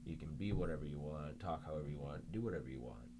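Young male guest, deep voice, rambling chat, humming background. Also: quick pace, very noisy. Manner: rambling, full of "like" and restarts. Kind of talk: casual podcast chat.

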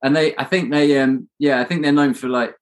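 A man's voice: medium pitch, steady tone, a little fast. A man talking as a podcast guest in casual, joking chat, often trailing off and restarting.

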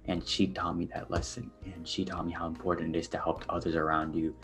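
Deep-voiced young man, earnest and hesitant. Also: little pitch movement, brisk, fairly bright tone, soft background music. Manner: earnest, hesitant, many fillers. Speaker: podcast guest. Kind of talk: personal storytelling on a podcast.

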